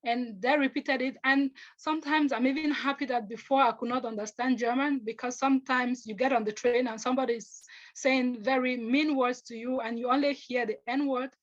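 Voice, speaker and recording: A young woman from Africa telling personal stories as a panelist, earnest and halting, often restarting her sentences and acting out what others said. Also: high-pitched, fairly even intonation, dull audio. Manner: earnest, halting, with restarts, acts out quoted speech.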